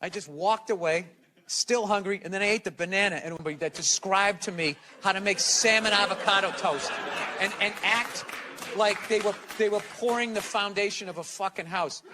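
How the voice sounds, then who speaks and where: A high-voiced man from the United States talks as a guest in a casual interview. He rants bluntly and swears freely, with animated delivery. A steady noisy hiss sits under the recording. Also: normal speed, crowd noise. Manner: blunt, profane, animated ranting. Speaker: guest comedian.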